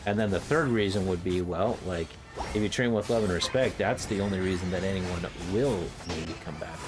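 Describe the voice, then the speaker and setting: Excitable young male streamer who rambles and laughs, music behind. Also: deep voice, a little fast. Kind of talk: casual chat.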